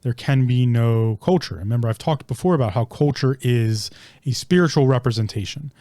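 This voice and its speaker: A man's voice: medium pitch, normal speed, dark tone, no room sound, studio quality. A man hosting a solo podcast, rambling with many ums and restarts, casually swearing as he searches for words. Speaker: podcast host.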